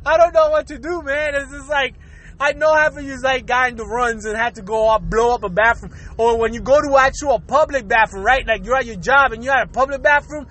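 A man's voice: extremely high pitch, brisk, fairly bright tone. A man telling a crude comedic story to his viewers, laughing constantly through his words and acting out noises.

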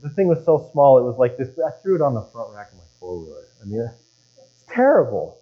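A male pastor preaching in a folksy, storytelling way, talking right to his congregation. His voice is smooth and clear at a middle pitch. The recording is dull and lo-fi, with a mains hum. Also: big pitch swings, brisk. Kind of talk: sermon.

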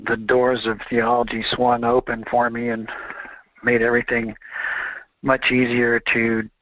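An earnest man calls in to a radio show over a tinny phone line. His voice stays flat and level, and he halts with fillers as he speaks, with a dry sound. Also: mid-range voice, unhurried, dry recording. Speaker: caller. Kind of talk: phone-in chat.

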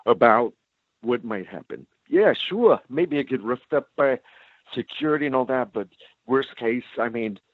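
Male storyteller, emphatic and animated, slightly husky, dry and tinny like a phone line. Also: medium pitch, unhurried, dry recording. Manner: animated, emphatic, repeats "let me tell you". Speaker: storyteller guest. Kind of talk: animated anecdote telling.

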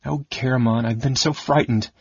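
A man's voice: mid-range voice, fairly even intonation, normal speed, creaky, darkish tone, husky, no echo, muffled recording. A man voicing a frightened, exhausted young noblewoman cleric in a raised, pleading tone.

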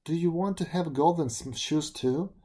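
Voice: mid-range voice, normal speed, mellow, slightly rough, lightly acted. A storyteller voicing a blunt, impatient male smith who scoffs. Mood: scoffing.

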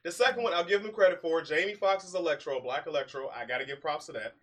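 A man hosting a podcast in casual chat, animated and teasing, laughing often. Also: a little high, fast. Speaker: podcast host.

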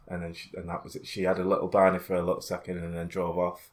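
A man's voice: low voice, monotone, fast. Man, casual storyteller with a rambling, indignant delivery. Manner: rambling anecdote with restarts and mock outrage. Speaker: storyteller in a podcast chat. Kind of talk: casual chat.

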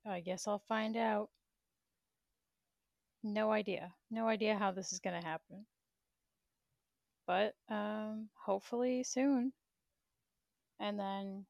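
A woman's voice: medium pitch, vocal fry, no room sound, clean studio sound. A woman in her thirties, a bit out of breath, venting bluntly with lots of swearing on a casual livestream. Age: 30s. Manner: blunt, profane storytelling.

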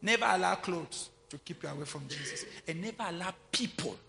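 A man preaching a sermon, swinging from quiet, intimate asides to loud shouting. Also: high-pitched, expressive, a little fast, vocal fry. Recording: long hall reverb, faint music behind.

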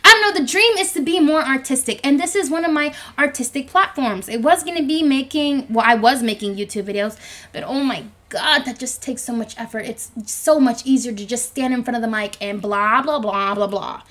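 A woman in her twenties with a high, girlish voice, rambling self-consciously through a solo podcast recorded in her bedroom. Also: brisk, pushed and bright. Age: 20s. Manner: rambling, self-conscious, chatty with frequent fillers. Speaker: podcast host. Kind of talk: solo podcast monologue, casual chat. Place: home bedroom. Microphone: microphone.

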